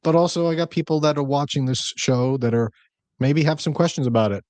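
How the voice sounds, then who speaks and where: A man hosting a podcast as an investment advisor, chatting casually with jokes and quick asides. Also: fairly high pitch, darkish tone, dry recording. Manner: jokey, talkative, rapid asides.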